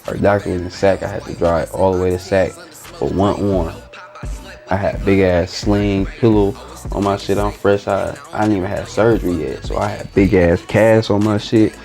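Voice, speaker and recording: A man's voice: deep voice, steady tone, normal speed, gravelly, darkish tone, soft background music. A man, telling a story in casual slang and acting out the dialogue as a guest. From East Oakland, California. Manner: loose, slangy, re-enacts dialogue. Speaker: interview guest.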